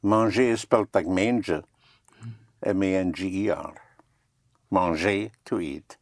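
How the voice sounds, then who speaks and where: Slow, patient male French teacher. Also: low-pitched, vocal fry, no room sound, clean studio sound. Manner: patient, repeats words and spells them letter by letter. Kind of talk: language lesson.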